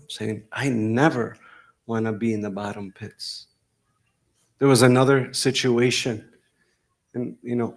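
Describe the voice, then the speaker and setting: A middle-aged man, giving a sermon in a mosque hall, telling stories that break into sudden loud outbursts. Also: medium pitch. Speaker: preacher.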